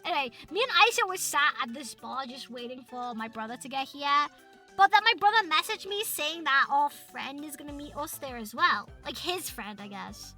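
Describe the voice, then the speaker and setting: A young British woman streaming as a VTuber, chatting casually to her chat, excitable and swearing a lot with loud outbursts. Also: sits high, normal speed, soft background music.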